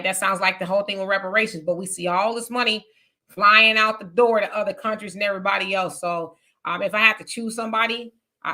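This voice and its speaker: A woman chats loosely on a live stream, her voice bright and forward. She reads viewer comments aloud and fires back frank, offhand replies. Her pitch sits in a middle range. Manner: candid, conversational, reads comments aloud with asides. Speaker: live show host.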